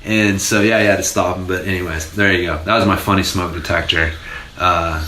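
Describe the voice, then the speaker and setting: A man in his forties telling stories in casual podcast chat, animated and laughing, with free swearing. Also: low voice, brisk, reverberant. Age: 40s. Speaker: podcast host.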